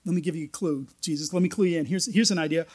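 A man's voice: a little high, racing, a little mellow. A man preaching a sermon, reading scripture aloud and explaining it in a conversational way with folksy, joking asides. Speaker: pastor.

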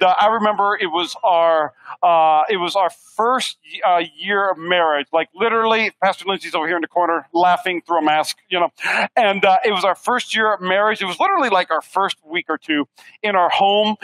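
High-voiced animated male pastor. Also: no room sound, rough recording. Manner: animated, conversational, acts out voices with sudden shouts. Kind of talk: energetic sermon. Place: church studio with audience.

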